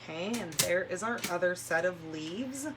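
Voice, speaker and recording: Chatty woman with a bright voice. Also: lowish voice, animated, moderate pace, a little hiss or hum. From California. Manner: chatty, rambling storyteller who laughs easily. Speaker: crafting livestream host. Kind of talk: casual chat while demonstrating paper crafts. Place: room at home.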